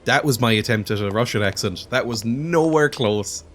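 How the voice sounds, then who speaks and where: A man's voice: mid-range voice, normal speed, a little hiss or hum. A man hosting a let's play, giving casual, chatty commentary that mocks himself as he plays. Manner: chatty, self-mocking, laughs often.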